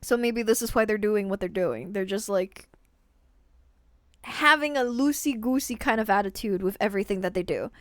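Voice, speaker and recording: A woman live-streams her reactions to a movie in a mid-range, animated voice at a moderate pace, her tone fairly bright. She chats casually and rambles, often repeating words as she trails off. The recording is dry and studio quality.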